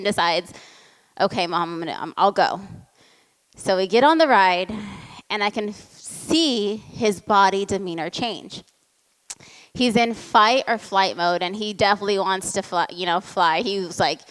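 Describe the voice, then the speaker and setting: A woman giving a motivational talk and telling a family story in a lively way. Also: medium pitch, clean tone. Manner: lively storytelling, acts out the voices in quotes. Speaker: motivational speaker. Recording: long hall reverb.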